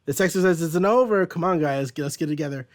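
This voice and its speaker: A man's voice: fairly high pitch, fairly quick, lightly acted. A man voicing a wise male mentor from a comic, earnest and commanding.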